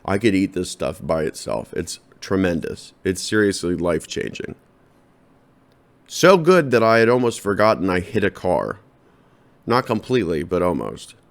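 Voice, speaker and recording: Into a podcast microphone, a man with a very deep, low-pitched, creaky voice rambles through a comedic solo monologue at normal speed. He keeps it deadpan and loose, speaking directly to his listeners.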